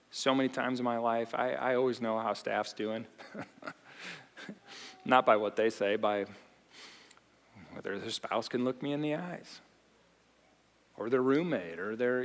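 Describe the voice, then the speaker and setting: A man preaching a sermon in a church, animated, often repeating and restarting his phrases. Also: mid-range voice. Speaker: pastor. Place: church auditorium. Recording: long reverb of a large hall.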